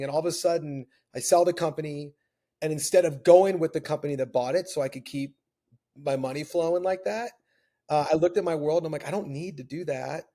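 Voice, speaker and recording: A man with a slightly high voice talks as a podcast guest. He tells candid stories with animated, earnest energy and slips into the voices of the people he quotes. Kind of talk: candid storytelling conversation.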